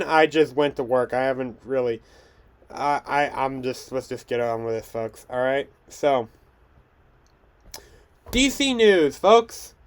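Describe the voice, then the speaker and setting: A man's voice: fairly high pitch, smooth. A young man hosting a podcast, chatting casually through film news with frequent restarts and stumbles. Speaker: podcast host.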